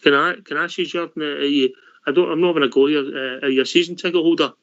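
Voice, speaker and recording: A man's voice: on the high side, steady tone, fast talker, fairly bright tone, no room sound. A man hosting a radio phone-in, chatty and blunt, calling everyone mate. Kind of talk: casual phone-in chat. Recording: dry, dull lo-fi.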